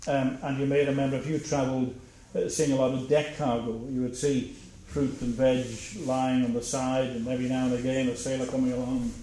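A man's voice: mid-range voice, flat delivery, warm tone. Older man reminiscing, very echoey room. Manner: anecdotal, chuckling, halting with fillers. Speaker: interviewee. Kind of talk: oral history reminiscence. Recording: very echoey room, faint hiss.

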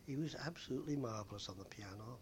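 An older man telling stories from his days as a bus conductor, rambling with frequent pauses and fillers. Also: mid-range voice, expressive, slight background noise. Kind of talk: oral history reminiscence.

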